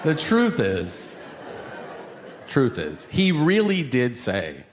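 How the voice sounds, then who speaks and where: A male stand-up comic on stage, his pitch swinging wide as he acts out quotes in his story. He laughs through the punchlines, and the live recording carries a loud bed of ambient noise. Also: huge pitch swings, drawn-out words, a crowd in the background. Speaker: stand-up comedian. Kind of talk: stand-up comedy routine. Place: comedy stage with audience.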